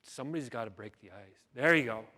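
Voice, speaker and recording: Fast, bright, and forceful, a male keynote speaker with a mid-range voice spins a dramatic story, giving voice to each character. Long hall reverb colors the recording.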